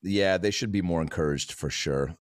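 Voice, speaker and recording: A man's voice: low-pitched, moderate pace, no echo, studio quality. A man, a comedian guest, telling rambling, profane stories in casual chat. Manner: rambling, profane, laid-back. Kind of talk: casual storytelling.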